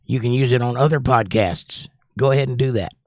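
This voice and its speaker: A man's voice: mid-range voice, brisk, darkish tone, dry recording. Guy hosting a chill livestream, rambles and reads chat, dry voice no room sound. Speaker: livestream host. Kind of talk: casual chat reading viewer comments.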